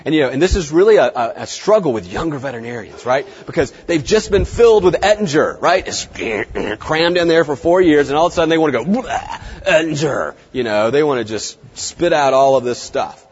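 A man working as a veterinary practice consultant, giving an emphatic seminar lecture and dropping his voice low for effect. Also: big pitch swings, fairly quick, hardly any pauses, husky. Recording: dull lo-fi recording in reverberant hall.

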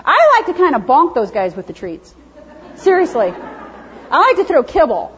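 A woman lecturing a class on dog training, lively and chatty, acting out what dogs think. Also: high-pitched, moderate pace, a little hiss or hum. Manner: lively, chatty, acts out dogs' thoughts in silly voices. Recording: dull, lo-fi classroom recording.

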